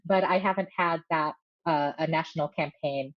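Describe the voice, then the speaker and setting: Woman guest, low voice, measured and explanatory, slightly muffled lo-fi sound. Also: fairly even intonation. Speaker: voice coach, guest. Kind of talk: casual podcast interview. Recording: slightly dull lo-fi audio.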